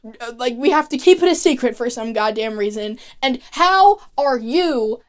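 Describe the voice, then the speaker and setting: A woman's voice: fairly high pitch, animated, moderate pace, close to an everyday voice. A woman voicing an exasperated young female tech expert who talks back with indignant, profane outbursts. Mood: overwhelmed.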